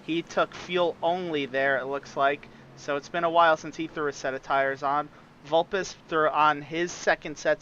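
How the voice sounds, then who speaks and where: A pit reporter on a sim racing broadcast gives a methodical rundown of strategy in a slightly high, somewhat bright voice. The recording comes through a dull, lo-fi mic with slight background noise.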